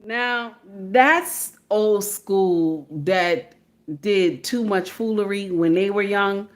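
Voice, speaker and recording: A woman's voice: medium pitch, very slow. A woman giving emphatic, preachy casual commentary to her viewers, repeatedly checking in with "okay?".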